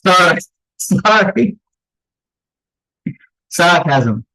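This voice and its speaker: A man's voice: high-pitched, very animated, drawn-out words, sharp tone, low-quality recording. A man hosting an unscripted commentary, candid and blunt, rambling off on tangents as he talks. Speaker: channel host.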